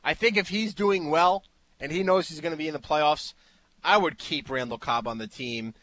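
A man's voice: a little high, normal speed, fairly bright tone. A man co-hosting a fantasy football radio show, chatting in an easygoing way and giving advice. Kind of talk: casual sports radio talk.

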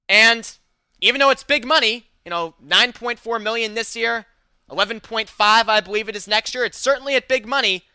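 A man's voice: sits high, pushed and bright, clean tone, no room sound. A man hosting a sports talk show, delivering an emphatic, opinionated monologue.

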